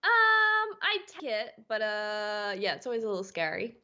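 A woman's voice: medium pitch, moderate pace, dull audio. An Australian woman, a full-time streamer, chatting as a guest on a gaming podcast. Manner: relaxed, easygoing. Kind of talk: casual interview chat.

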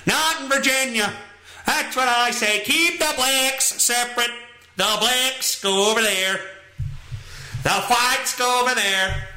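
A man putting on a stern, preachy, old-fashioned bigoted man in a mocking comic bit, speaking in slow, drawn-out lectures. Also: high-pitched, sharp tone, reverberant, full character voice.

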